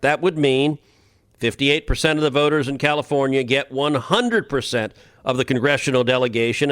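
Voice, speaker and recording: A man delivering political commentary on a podcast in an emphatic, argumentative way, often stumbling into a phrase by repeating a word. His voice sits in a middle pitch range, and the recording is dry and close, with no room sound. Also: fairly bright tone, no echo. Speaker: podcast co-host, senator.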